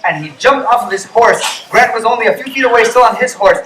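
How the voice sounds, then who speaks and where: High-voiced man telling a lively story. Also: quick pace, echoey room, far from the mic, a little hiss or hum, rough recording. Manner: animated, acts out voices of characters. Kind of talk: storytelling to children. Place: camp meeting tent.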